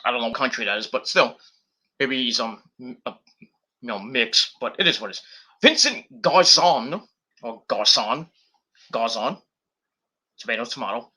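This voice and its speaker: A man's voice: mid-range voice, fairly even intonation, quick pace, bright, forceful tone. A man casually reviewing wrestling on a live stream, rambling and swearing, with lots of fillers and restarts.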